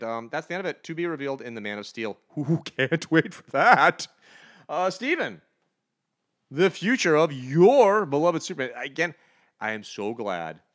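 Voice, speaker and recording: A man co-hosting a comic book review podcast, ranting with animated, sarcastic energy. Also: mid-range voice. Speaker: podcast co-host.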